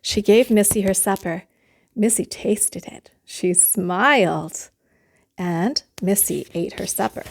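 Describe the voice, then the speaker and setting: A woman reading a children's bedtime story aloud, gentle and soothing. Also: medium pitch, slow, vocal fry.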